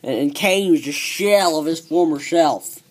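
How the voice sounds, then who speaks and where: A man ranting profanely as a wrestling show reviewer, excitable and repeating himself. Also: a little high, measured pace. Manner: excitable, swearing, repeats words. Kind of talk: profane rant.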